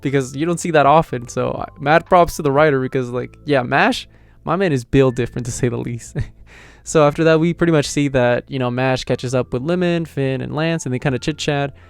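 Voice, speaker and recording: A young man excitedly recapping an anime episode in slangy, casual talk. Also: medium pitch, a little fast, gravelly, clear, resonant tone. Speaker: anime reviewer.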